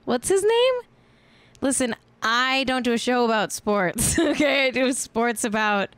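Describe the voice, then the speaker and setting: A woman's voice: on the high side, expressive, a little slow, smooth, no echo. A woman in her thirties from California hosting a casual celebrity gossip chat, joking and laughing often. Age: 30s. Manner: chatty, jokey, laughs often. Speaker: podcast host.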